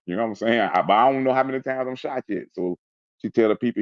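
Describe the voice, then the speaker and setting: A man's voice: on the low side, racing, no echo, dull audio. A man telling a personal story in an interview, in an intense, emphatic way, sometimes mimicking sounds. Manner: intense, emphatic retelling with spoken sound effects. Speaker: interview guest. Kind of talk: personal storytelling in casual chat.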